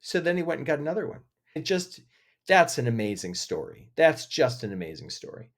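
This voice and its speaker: A man speaking as a podcast guest, telling stories with feeling and lively emotion in an interview. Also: on the high side, brisk. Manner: emotional, animated storyteller. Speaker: podcast guest, agency head. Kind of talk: interview conversation.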